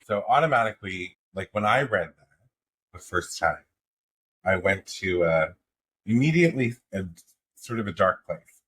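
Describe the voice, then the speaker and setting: A man hosting a podcast, asking slow, searching, gentle questions. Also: lowish voice, expressive, a little hiss or hum. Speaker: podcast host. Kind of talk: interview questions.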